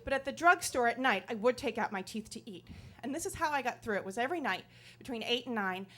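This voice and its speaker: High-voiced woman telling a comic story. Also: fast. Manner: animated, self-deprecating comic delivery. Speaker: comedian storyteller. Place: live storytelling stage before an audience.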